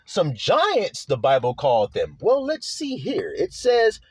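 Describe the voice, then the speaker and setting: This preacher's voice is high and slightly rough yet a little mellow, swooping wildly in pitch at an unhurried pace, recorded without echo. He reads scripture, throws questions at his listeners, and talks bluntly with slang and swearing, stretching key words to stress them.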